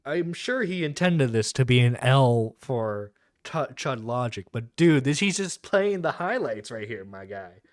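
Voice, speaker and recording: A laid-back male streamer talks slowly and sarcastically, with plenty of fillers. His voice is slightly high and sounds dry and close, with no room sound. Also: lively intonation, dry recording. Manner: slow, laid-back, sarcastic "dude" talk. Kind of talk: played reaction stream.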